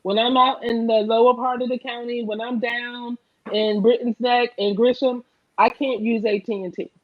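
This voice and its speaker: Earnest woman with a New Jersey accent, a candidate on a panel, a bit high-pitched, slightly muffled line. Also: little pitch movement, normal speed. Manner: earnest, emphatic, says "right?" often. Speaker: political candidate. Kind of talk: online panel conversation.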